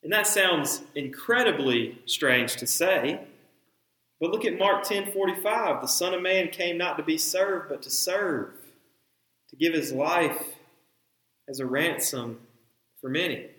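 A man's voice: on the high side, measured pace, pushed and bright, echoey room, rough recording. A man in his thirties preaching a sermon, who acts out the dialogue of biblical figures with dramatic emphasis. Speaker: pastor.

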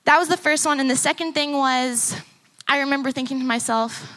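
Young woman speaker, bright and a bit high, chatty testimony that acts out what people said. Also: brisk. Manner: conversational, acts out remembered dialogue. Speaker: conference speaker and musician. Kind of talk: personal testimony talk. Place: conference stage before teens.

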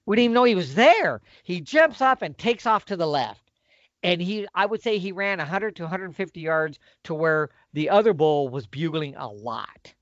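A man's voice: high-pitched, moderate pace, no room sound. A middle-aged man telling a hunting story in a casual, folksy way. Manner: animated, folksy storyteller with lively swings. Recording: dull, lo-fi dry sound.

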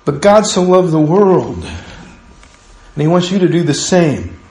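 A male pastor preaching a sermon, acting out both sides of people's prayers to God with lively emphasis. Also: fairly high pitch, takes it slowly. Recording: echoey hall, mic far off.

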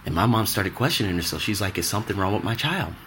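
Low-pitched man in his thirties, candid rambling storyteller, slight background hiss. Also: animated, quick pace, a bit bright. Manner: candid, rambling, many fillers. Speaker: podcast host. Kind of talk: personal storytelling monologue.

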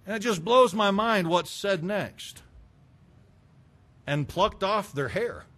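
A man preaching a sermon, fervent and emphatic, breaking into loud bursts. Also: high voice, lively intonation, slow.

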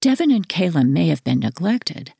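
A woman narrating a first-person memoir audiobook in a measured, earnest reading. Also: fairly low pitch, sing-song, gravelly, warm tone, breathy edge, no echo, clean studio sound.

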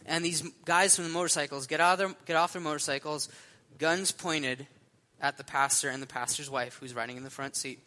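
A young man preaching a sermon, telling stories in a casual, animated way with lots of fillers. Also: a little high, brisk. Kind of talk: sermon storytelling.

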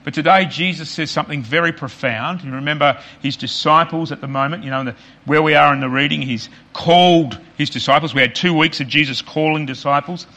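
A man preaching a sermon as pastor, earnest and repetitive for emphasis, often dropping quiet on key points. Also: on the high side, a little fast.

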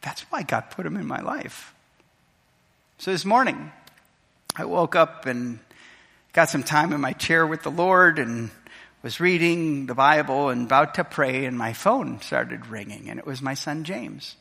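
A man's voice: fairly high pitch, big pitch swings, measured pace, creaky, sharp tone, breathy edge. A middle-aged man preaching a sermon as pastor, telling a personal story with emotion and acting out the voices of others. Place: church sanctuary. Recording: reverberant church hall.

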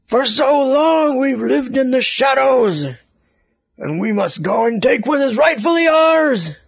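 A man's voice: very high voice, expressive, slow pace, vocal fry, dry recording, highs cut off, pitched above the performer's own voice, heavily acted. A father voicing a large male rat leader who gives a rousing speech to a crowd of rats in a bedtime story. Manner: proclaiming, speech-making.

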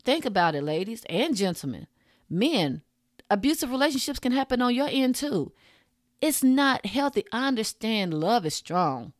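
A woman's voice: a little high, big pitch swings, normal speed, no echo. A woman podcast host, ranting frankly and profanely in a casual monologue into a close mic. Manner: frank, profane, rants with punchy asides.

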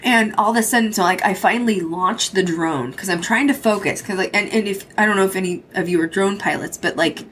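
A woman's voice: medium pitch, brisk, hardly any pauses, a bit bright, slight background noise. A young adult woman hosting a podcast, telling a spooky road-trip story in a casual way, cursing freely and acting out what others said. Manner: swears freely, quotes others in dialogue. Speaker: podcast host.

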